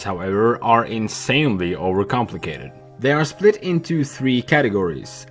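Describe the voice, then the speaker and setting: A young man narrating a video essay in a candid, animated way that includes swearing. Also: on the low side.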